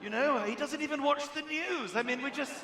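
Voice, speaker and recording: A flustered wife rambles on in a high, loud voice, as a male comedian puts her on. She trails off and starts over. The echo of a large hall hangs around her, with audience noise behind. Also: fairly quick, close to an everyday voice. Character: worried wife of a suspect, rambling.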